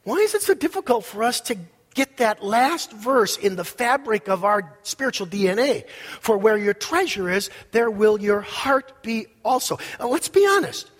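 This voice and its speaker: A man preaching a sermon as pastor, emphatic, with loud peaks and quiet asides. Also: sits high, lively intonation, moderate pace, long reverb tail.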